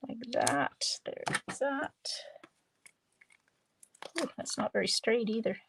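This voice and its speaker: A woman demonstrating card-making on a live stream, chatting slowly and thinking aloud as she works. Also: medium pitch, big pitch swings, creaky, fairly bright tone, a little hiss or hum. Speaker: stamping demonstrator.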